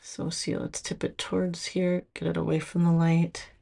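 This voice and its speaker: A woman's voice: lowish voice, little pitch movement, normal speed, creaky, warm tone. A woman with a Minnesota accent showing off nail products in a casual, chatty way, full of fillers and restarts.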